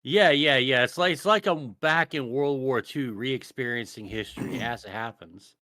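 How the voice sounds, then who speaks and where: Bright-voiced joking podcast guy. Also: medium pitch, moderate pace, no room sound, studio quality. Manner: swearing, laughing, jokey asides. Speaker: podcast co-host. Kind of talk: casual podcast banter.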